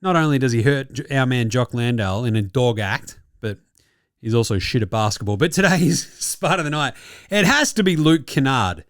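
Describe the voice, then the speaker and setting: A man's voice: mid-range voice, lively intonation, normal speed, no room sound, studio quality. A man with an Australian accent hosting a basketball podcast, delivering a profane, mocking comic rant and laughing at his own jokes. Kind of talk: sweary comic sports rant.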